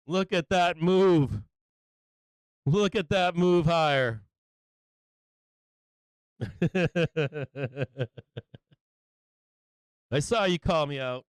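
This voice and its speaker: Hyped guy calling stock moves live, slow drawn-out talk, clean dry close mic. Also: a little high, smooth, no room sound. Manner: excitable, hyped, taunting, laughs often, repeats phrases. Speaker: stock market livestream host. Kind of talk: live market commentary.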